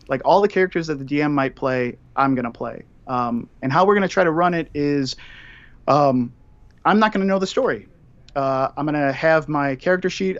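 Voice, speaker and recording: A man's voice: on the high side, no room sound. A man calling in as a guest for casual chat, rambling with many fillers. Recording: dull, dry call-in line.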